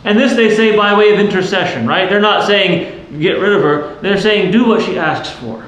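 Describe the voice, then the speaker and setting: A man with a high-pitched, fairly bright voice speaks at a normal speed, preaching a sermon as a priest. He is earnest and explanatory, often posing questions to his listeners. The recording comes from a very echoey church with faint noise.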